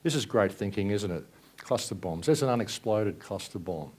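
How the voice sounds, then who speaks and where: A man's voice: lowish voice, lively intonation, moderate pace, a little mellow, husky. A man giving an angry, sarcastic presentation at a live event, swearing and ranting. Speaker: speaker at a conference.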